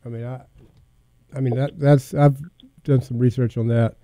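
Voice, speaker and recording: Man, casual chat, hesitant, trailing off, mellow smooth voice, dry. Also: medium pitch, little pitch movement, normal speed, no room sound.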